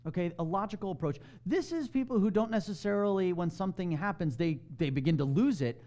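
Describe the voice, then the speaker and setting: Lively-voiced preacher man talking to a congregation. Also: high voice, quick pace. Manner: conversational preaching, asks the room questions. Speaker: pastor. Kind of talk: sermon.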